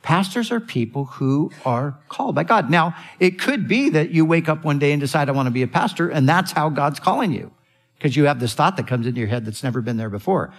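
A man's voice: a little high, expressive, a little fast. A man preaching a sermon as a pastor, earnest, repeating phrases and restarting sentences.

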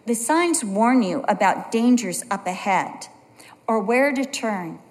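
A woman's voice: a little high, lively intonation, slow, big-room sound. A middle-aged woman preaching a sermon, telling stories with earnest conviction. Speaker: pastor's wife preaching.

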